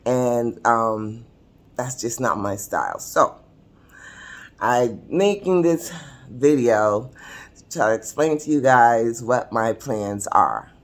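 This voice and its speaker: A woman's voice: a bass voice, expressive, takes it slowly. A woman in her sixties telling her own story to camera in a chatty, confiding way, often laughing mid-sentence. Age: 60s. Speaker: vlogger. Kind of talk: casual personal storytelling to camera. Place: seated at a table indoors.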